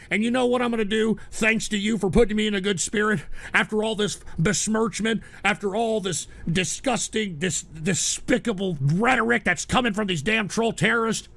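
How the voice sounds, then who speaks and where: A man hosting a live stream show, exasperated and profane, ranting and breaking into shouting outbursts. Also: high voice, gravelly. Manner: profane and comedic. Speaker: livestream show host.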